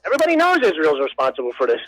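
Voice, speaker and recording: A man's voice: a little high, huge pitch swings, very fast, fairly bright tone, soft background music. A man from New Jersey calling in to a radio show, chatting and speculating. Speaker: radio caller. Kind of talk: phone-in call. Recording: tinny phone line.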